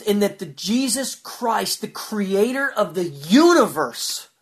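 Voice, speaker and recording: A man pouring out an anguished, fervent spoken prayer, pleading and repeating himself. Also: extremely high pitch. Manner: repetitive, fervent.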